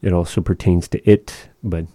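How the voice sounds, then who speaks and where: A man's voice: deep voice, fairly even intonation, moderate pace, dark tone, no room sound. A man giving a patient one-on-one language lesson, carefully modeling and repeating pronunciations. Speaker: language teacher.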